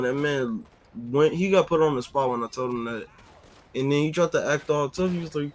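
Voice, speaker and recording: A man telling a casual story on a vlog, animated and full of fillers. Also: mid-range voice, fairly quick.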